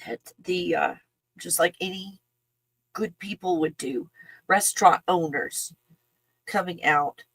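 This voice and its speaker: A woman talking in an emotional, halting casual monologue, breaking off with sighs and soft laughs. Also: on the low side, slightly rough, no echo, poor audio. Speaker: channel host.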